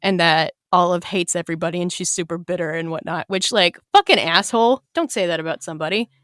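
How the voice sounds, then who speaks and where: A woman's voice: on the low side, fast, fairly bright tone, no room sound, studio quality. A woman co-hosting a casual book-discussion podcast, retelling scenes and swearing now and then. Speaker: podcast co-host.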